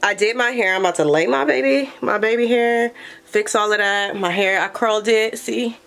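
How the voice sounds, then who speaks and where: A woman's voice: mid-range voice, moderate pace, vocal fry, fairly bright tone, reverberant. A young woman from Los Angeles with an LA accent, chatting casually to camera in a vlog and calling her viewers y'all. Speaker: vlogger.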